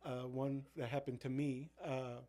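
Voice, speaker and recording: A man chats casually as a youth pastor, telling van stories from ministry trips. His delivery rambles, packed with fillers and false starts, in a mid-pitched everyday voice. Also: flat delivery, a little slow, dark tone. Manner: rambling, full of fillers and restarts. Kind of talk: casual storytelling chat.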